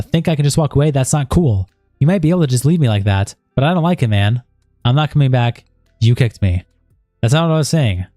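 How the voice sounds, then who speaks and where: A man's voice: medium pitch, mellow, dry recording, studio quality. A man on a stream, reading a chat log aloud and breaking in with asides of disbelief.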